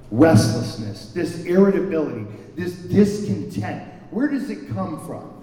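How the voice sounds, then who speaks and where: A man with a fairly high yet mellow voice tells a personal story in a candid, self-deprecating way, often stumbling over repeated words. He is heard from well back in a large hall with a long, roomy reverb. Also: a little hiss or hum. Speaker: recovery meeting speaker. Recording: echoey hall recorded from far off.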